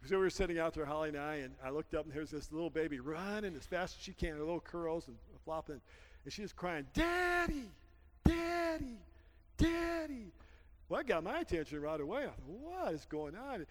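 Male pastor, animated sermon, shouts at the peaks, higher voice, long hall reverb. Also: brisk.

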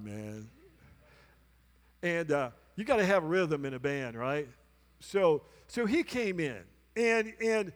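High-voiced preacher in an echoing hall. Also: male voice. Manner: animated, acts out both sides of a conversation; calls out to the congregation. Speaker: pastor. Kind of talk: sermon storytelling. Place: church sanctuary.

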